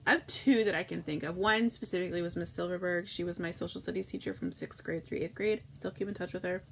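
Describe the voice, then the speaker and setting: A woman hosting a casual morning livestream, rambling warmly about her favorite teachers and reading viewer comments aloud. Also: lowish voice, steady tone, fast, vocal fry, slight background noise, poor audio.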